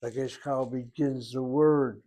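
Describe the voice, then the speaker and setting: Man, Hebrew teacher, grammar lesson, methodical, repeats key terms, middle pitch. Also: fairly even intonation, measured pace, warm tone.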